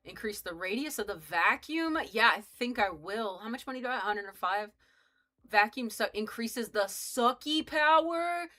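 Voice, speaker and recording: Young woman game streamer, bright and forceful tone, loose rambling chatter, cusses freely, talks straight to chat. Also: on the high side, lively intonation, normal speed. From United States. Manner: rambling, joking, swears freely, chats with viewers. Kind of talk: casual live-stream chat while playing.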